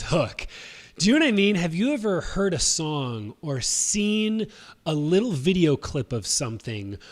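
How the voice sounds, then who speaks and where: Rambling casual man in his thirties. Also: on the high side. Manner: rambling, full of fillers and restarts. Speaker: host. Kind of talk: casual livestream talk.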